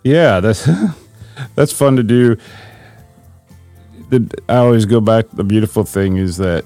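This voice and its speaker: A man with a very deep, low voice hosts a casual talk about scripture, thinking things through out loud as he speaks. The sound is dry and close, with no room echo. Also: unhurried, soft background music. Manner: thinks aloud, reads scripture passages. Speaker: podcast host.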